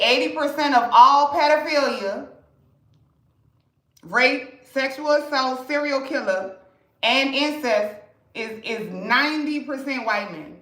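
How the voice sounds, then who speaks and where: Here a woman speaks a little high, her tone pushed and bright, with reverb and poor audio quality. Hailing from New Orleans and carrying its accent, she's a live streamer selling to customers, keeping the casual chat blunt, chatty, and full of profanity.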